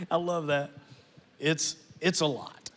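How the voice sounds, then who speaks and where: A man preaching a sermon to his church, animated and acting out family scenes. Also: on the high side, in a large hall. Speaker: pastor.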